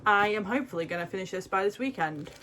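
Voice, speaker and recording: A woman's voice: mid-range voice, lively intonation, fast, a bit bright, a little hiss or hum. A young British woman chatting casually to camera as a book vlogger, gushing and rambling with asides. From Britain. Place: home, indoors.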